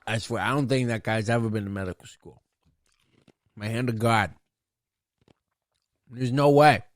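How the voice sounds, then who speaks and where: A man hosting a comedy podcast, telling a story in a casual, profane rant full of exasperation. His voice sits at a middle pitch, and the recording is dry and close, with no room echo. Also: measured pace.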